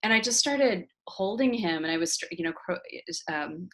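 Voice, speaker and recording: A woman in her forties, the host of an interview show, telling a story from her day in relaxed, casual talk. Her voice sits a little low, and she brings the story to life by acting out the voices of the people in it. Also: moderate pace. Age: 40s. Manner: animated storyteller, acts out voices in anecdotes.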